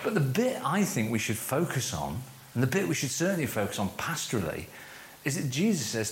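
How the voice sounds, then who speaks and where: A man leading a church course, giving a teaching talk to a group and slowing down to stress key phrases. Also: mid-range voice, huge pitch swings, a little hiss or hum. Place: room with a live audience. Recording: echoey room.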